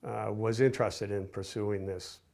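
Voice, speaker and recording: An older man with a low, gravelly voice looks back on his film career. He rambles, doubling back and restarting his sentences in a loose interview manner. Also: steady tone, normal speed, darkish tone. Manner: rambling, with many restarts and fillers. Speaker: film director and producer. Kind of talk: casual interview recollection.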